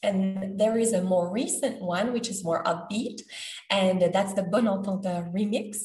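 A woman's voice: mid-range voice, darkish tone, soft background music. Patient woman teaching sounds. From Quebec. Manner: patient, demonstrates sounds slowly. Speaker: French pronunciation teacher. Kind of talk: podcast lesson. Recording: roomy, from a distance.

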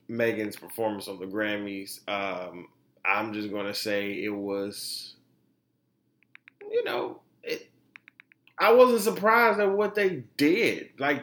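A man hosting a podcast, giving animated, profane commentary and laughing often. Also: lowish voice, reverberant. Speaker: podcast host. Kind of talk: casual commentary.

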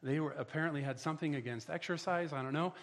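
A man's voice: on the high side, fast. A middle-aged man preaching a sermon as pastor, emphatic, often repeating words and asking the listeners "right?".

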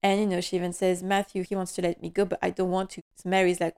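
A woman hosts a podcast and recaps a drama episode in casual chat. She talks quickly and with feeling, in a slightly low voice. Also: little pitch movement, vocal fry, a little mellow, smooth. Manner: emotional, quick, heartfelt. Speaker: podcast host.

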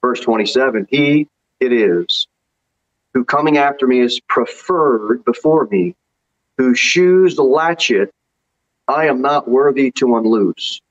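A man's voice: medium pitch, takes it slowly, dull audio. A man preaching a sermon as pastor in a church, reading scripture aloud with emphasis.

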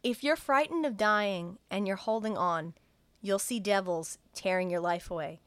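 A young woman casually recapping a film for her co-host, laughing often and jumping into loud, raised voices when she quotes the characters. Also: medium pitch, normal speed, clear, resonant tone, no echo. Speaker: podcast co-host retelling a film. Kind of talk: casual chat, recapping a movie scene by scene.

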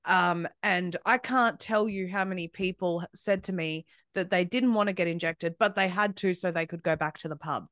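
A woman's voice: on the low side, normal speed, few pauses, a bit bright, no room sound, clean studio sound. A woman in her thirties with an Australian accent, a podcast guest talking passionately and bluntly. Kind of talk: casual podcast conversation.

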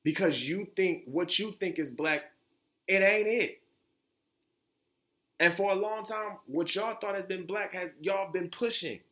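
A man's voice: high-pitched, measured pace, bright, forceful tone. A young man hosting his own podcast, talking bluntly and with lots of profanity, often restarting his sentences. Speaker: podcast host. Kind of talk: opinionated solo podcast talk.

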